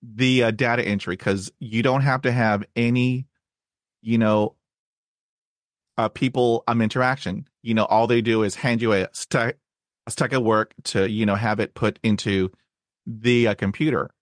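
A man who stutters, hosting a podcast and sharing his own experience in a halting way, with many fillers and repeated words. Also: medium pitch, steady tone, dry recording, studio quality. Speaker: podcast host. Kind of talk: casual conversation.

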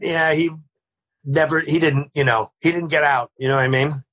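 A man on a remote call, telling animated anecdotes in casual storytelling style and acting out the people he quotes. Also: a little high, normal speed, slightly rough. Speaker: podcast guest. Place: home, remote video call.

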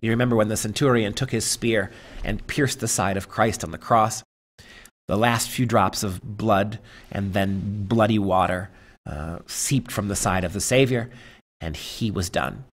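Emphatic preacherly male lecturer. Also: on the low side. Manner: emphatic and preacherly, swings from loud stresses to hushed reading. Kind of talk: lecture with read-aloud passages.

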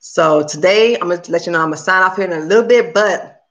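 A woman hosting a livestream, chatting casually with her viewers and talking very fast. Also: on the low side, highs cut off. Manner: talks very fast; chatty and upbeat, addresses viewers as "y'all". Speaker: cooking channel host on a livestream. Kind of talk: casual chat with live viewers.

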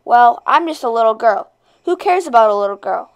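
A woman's voice: on the high side, animated, a little fast, smooth, lo-fi sound. A cheeky little girl, read by a woman. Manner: cheeky, offhand. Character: spirited playful little girl.

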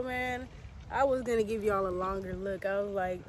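A young woman talks casually to the camera while out in nature, in a playful, chatty way. Her voice sits at an ordinary pitch for a woman. The outdoor recording carries clear background noise. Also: unhurried. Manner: chatty, playful, speaks straight to viewers. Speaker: vlogger.

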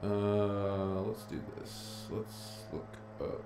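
A man's voice: fairly low pitch, flat delivery, drawn-out words. A man teaching a casual live-streamed lesson, thinking aloud as he clicks through his files. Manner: chatty, thinking aloud while clicking around. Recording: echoey room with faint noise.

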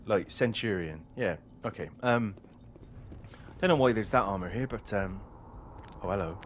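A man's voice: on the low side, lively intonation, moderate pace, slight background noise. A man commenting casually on a game as he plays, swearing and laughing often. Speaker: gaming streamer. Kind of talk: casual let's-play commentary.

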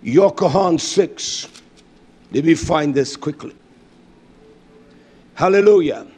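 A man preaching a fervent sermon, reading scripture aloud with many fillers and hallelujahs, swinging from loud declaring to low muttering. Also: slow pace, husky.

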